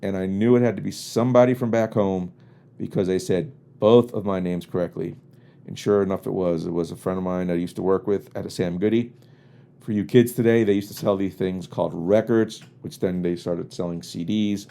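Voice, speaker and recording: A man's voice: sits low, fairly even intonation, normal speed, creaky, dark tone. A man hosting a podcast, originally from the US East Coast, telling rambling, wry and exasperated comic stories in a casual monologue. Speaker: podcast host. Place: home studio in Los Angeles.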